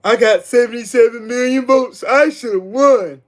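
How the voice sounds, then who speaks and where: A man's voice: very high-pitched, pitched above the performer's own voice. A man mocking a whiny sore-loser man. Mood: whining. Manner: whining, drawn-out mock sobbing. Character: whiny sore-loser man, crying over a lost election.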